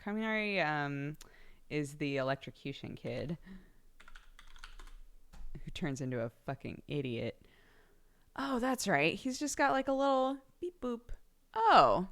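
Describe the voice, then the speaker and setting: A woman's voice: mid-range voice, sing-song, normal speed, fairly bright tone. A young woman chatting casually on a live stream, laughing often and swearing offhandedly.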